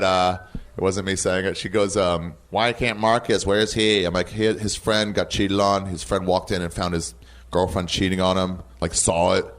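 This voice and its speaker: Brief: American comedian in his 30s, low voice, lively storyteller who swears and laughs a lot. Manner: animated storyteller, acts out quotes, laughs often, swears. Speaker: comedian guest. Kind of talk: casual interview chat.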